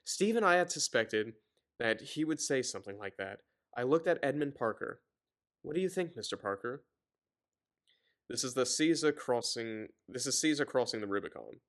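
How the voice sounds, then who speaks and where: A man's voice: mid-range voice, animated, normal speed, fairly bright tone. A man casually reading a novel aloud and breaking off for exasperated, sarcastic commentary, stumbling and rambling as he goes. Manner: exasperated, sarcastic asides between read passages; loose, rambling, stumbles over words.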